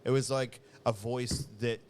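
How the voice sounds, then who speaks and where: A man co-hosting a podcast rambles through stories in casual chat, acting out the voices of the people he quotes. His medium-pitched voice is flat, a little slow and a little mellow, with slight background noise.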